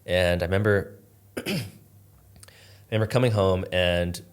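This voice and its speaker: A man's voice: low voice, measured pace, clear, resonant tone. A man as a podcast guest, earnestly telling a personal story in a reflective, casual way, with lots of "like". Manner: earnest, reflective, uses "like" often.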